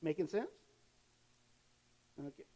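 An older man preaching a sermon in a church, animated and conversational, acting out cheering fans. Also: on the high side, takes it slowly, in a large hall. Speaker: pastor.

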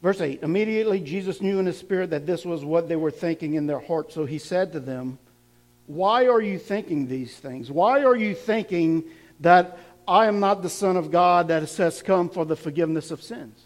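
A man's voice: a little high, lively intonation, normal speed. A man preaching a sermon, laughing now and then and building up to emphatic, repeated lines.

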